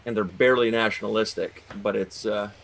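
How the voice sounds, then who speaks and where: A man's voice: on the low side, fairly even intonation, a little fast, a bit bright. A Canadian man co-hosting a podcast, talking in a rambling way with many restarts. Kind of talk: casual podcast banter.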